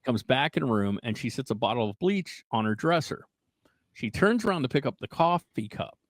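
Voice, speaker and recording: Guy on a podcast telling a spooky story, lively and chatty, mid pitch, dry close sound. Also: brisk, dry recording, poor audio. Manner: animated retelling, frequent "right?" and "like". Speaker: podcast host. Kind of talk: casual storytelling.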